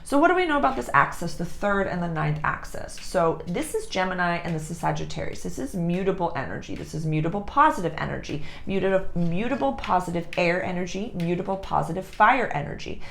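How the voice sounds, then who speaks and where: Woman astrologer, casual lesson, gravelly, lowish voice, repeats herself. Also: expressive, brisk, hardly any pauses, a bit bright, a little hiss or hum. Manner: chatty, repeats phrases.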